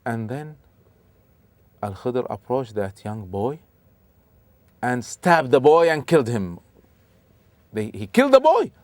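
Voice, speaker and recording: A man telling a religious story as a lesson, animated, with sudden emphatic rises and frequent restarts. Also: a little high, no room sound. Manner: speaks with restarts and repeats. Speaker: religious lecturer.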